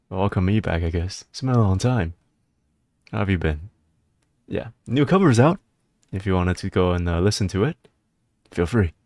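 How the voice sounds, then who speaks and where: Deep-voiced male streamer, casual and rambling. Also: no room sound, clean studio sound. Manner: excitable, rambling, breaks into laughter and high-pitched disbelief. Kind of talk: casual live-stream chat.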